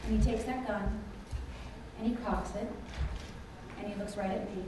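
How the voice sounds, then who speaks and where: A middle-aged woman telling a personal story to a conference audience, animated and often asking the listeners questions. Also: on the high side, unhurried, pauses often, distant mic, noisy background. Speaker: conference speaker. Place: large conference hall. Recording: echoey hall, voice picked up from afar.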